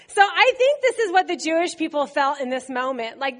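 A middle-aged woman preaching a sermon, telling the story in an animated way and acting out quotes with laughter. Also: high-pitched, brisk, hardly any pauses.

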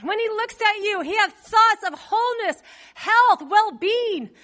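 A woman's voice: very high voice, lively intonation, unhurried, fairly bright tone. A woman preaching a sermon to her congregation in a chatty way, putting questions to them and using many fillers. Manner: conversational, asks the congregation questions; loose with fillers.

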